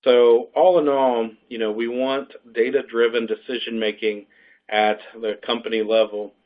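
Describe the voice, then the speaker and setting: Male webinar presenter, mid-pitched, loose explanatory delivery with fillers, thin phone-quality sound. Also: flat delivery, normal speed. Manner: explanatory, frequent fillers and restarts. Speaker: program faculty speaker. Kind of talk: unscripted webinar talk. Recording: tinny phone-like line.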